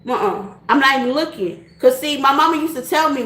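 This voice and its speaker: A woman's voice: sits high, fairly quick, hardly any pauses, fairly bright tone, echoey room. A middle-aged woman hosting a casual chat to her viewers, laughing often and repeating her points in a direct, folksy way. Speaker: tarot reader and channel host.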